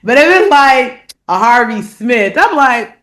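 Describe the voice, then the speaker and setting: A woman co-hosting a podcast in casual chat, an animated storyteller who acts out loud quotes of her father. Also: fairly high pitch, unhurried. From immigrant family, not from this country. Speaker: podcast co-host.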